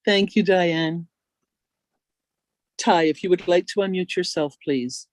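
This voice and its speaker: A woman's voice: fairly low pitch, takes it slowly, no echo. Gracious woman hosting a video call. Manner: gracious, calling on speakers one by one. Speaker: meeting host.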